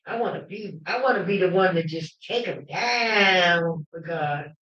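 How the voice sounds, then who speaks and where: Woman host, fervent and emphatic storyteller who breaks into shouting; muffled lo-fi sound. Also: fairly low pitch, a little slow. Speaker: livestream host. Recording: roomy, dull lo-fi livestream audio.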